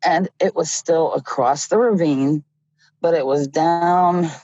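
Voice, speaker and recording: A middle-aged woman telling a story in a casual, animated way, often laughing as she goes. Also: deep voice, takes it slowly, no room sound. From Ohio. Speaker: guest. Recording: dull lo-fi audio.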